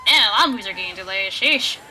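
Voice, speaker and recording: Giggly, bright-voiced female streamer. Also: medium pitch, lively intonation, racing. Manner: giggly, chatty, laughs often. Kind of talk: casual let's-play chat. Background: faint game music.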